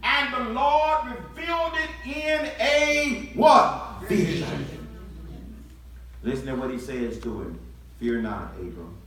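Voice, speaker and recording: A man preaching a sermon, building from quiet talk into shouted call-and-response to the congregation. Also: extremely high pitch, very animated, slow. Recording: echoey church from far off.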